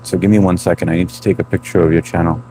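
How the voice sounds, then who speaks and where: Stream host, man, thirties, low-pitched, loose friendly chat. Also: little pitch movement, very fast, mellow, slight background noise. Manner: loose and chatty, greets viewers by name. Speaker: livestream host reading chat. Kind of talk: casual live chat.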